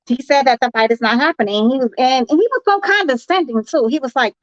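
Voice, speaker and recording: High-voiced woman rambling, dull audio. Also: quick pace, hardly any pauses, no room sound. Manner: rambling, hesitant, full of fillers. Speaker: boxing show co-host. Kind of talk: casual chat.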